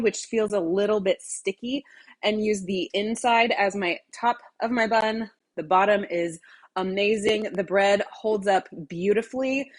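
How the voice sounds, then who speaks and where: A young woman chatting to her camera in a large home kitchen, a touch out of breath. She rambles loosely, stops herself mid-thought and circles back with plenty of ums and likes. Her voice sits at an ordinary middle pitch. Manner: rambling, talkative, self-interrupting with fillers. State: a little out of breath. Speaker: cooking vlogger. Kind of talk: casual chatty kitchen vlog.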